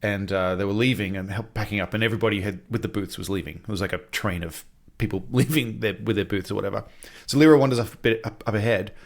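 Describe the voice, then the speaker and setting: Relaxed man in casual podcast chat. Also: lowish voice, quick pace. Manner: relaxed, chatty, swears casually. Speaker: podcast co-host.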